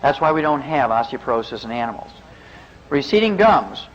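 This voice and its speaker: A medium-pitched man speaks in a large hall, delivering a folksy, joking health lecture to a live audience. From the Midwest, he is a veterinarian and physician, and he talks fast as an animated, joking storyteller. Faint hiss runs through the muffled recording.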